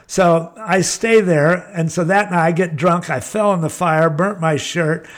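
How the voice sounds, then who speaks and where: Older American guy, rambling laid-back storyteller, a bit high-pitched. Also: fairly even intonation, unhurried. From United States. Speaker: guest. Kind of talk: casual storytelling.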